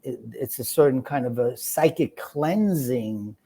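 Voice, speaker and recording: A man speaks as an interview guest, calmly and reflectively explaining his ideas. His voice is mellow and warm, with a middle pitch. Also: measured pace, a little hiss or hum. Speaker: guest, children's book author. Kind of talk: conversational interview.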